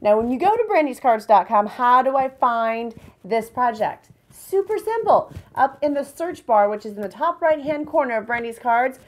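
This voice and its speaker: Bubbly high-voiced woman crafting host. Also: expressive, normal speed, few pauses. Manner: bubbly, enthusiastic, chatty. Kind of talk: card-making tutorial.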